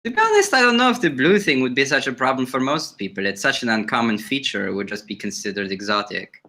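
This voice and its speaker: A man's voice: mid-range voice, animated, fast talker, pushed and bright. A man playing a tabletop game, chatting and teasing in a playful way. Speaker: player. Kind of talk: tabletop role-play.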